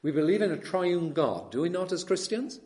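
Very animated and high-pitched, a man gives an expository sermon that shifts between soft and loud emphasis, slows to stress key words, and poses questions to the audience.

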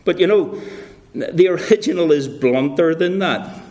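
Slow, deliberate male preacher. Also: on the high side, expressive, darkish tone. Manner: drops into playful British voices for illustrations. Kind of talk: sermon.

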